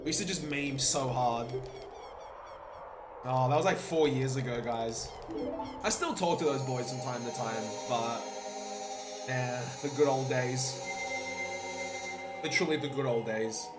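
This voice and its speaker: A man's voice: medium pitch, unhurried, long pauses. A young man streaming a speedrun, chatting casually and upbeat with his viewers between bursts of laughter. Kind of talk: casual chat with viewers while playing. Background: game music.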